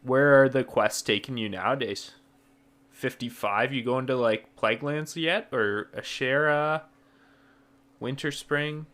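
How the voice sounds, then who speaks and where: A man streaming a game, talking casually to his viewers in a relaxed, rambling way with lots of fillers. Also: medium pitch, measured pace. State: yawning, sleepy. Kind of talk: casual gaming chat with chat viewers.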